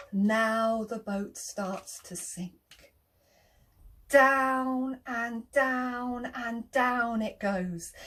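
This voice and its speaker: A woman telling an interactive children's story, animated, gasping often, making sound effects and inviting the children to join in. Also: fairly high pitch.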